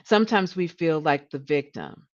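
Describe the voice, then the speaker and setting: A woman hosting a coaching livestream. She talks in an animated way, often restarts and repeats words, and her voice rises when she gets passionate. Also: sits low, moderate pace, highs cut off. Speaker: leadership coach and livestream host. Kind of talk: coaching talk.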